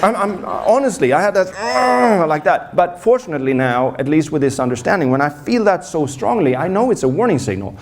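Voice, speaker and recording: A man's voice: fairly high pitch, fairly quick, few pauses. A man who works as a performance coach, telling a personal story on a conference stage with lots of restarts and self-deprecating humor. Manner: animated storyteller, acts out scenes, frequent restarts.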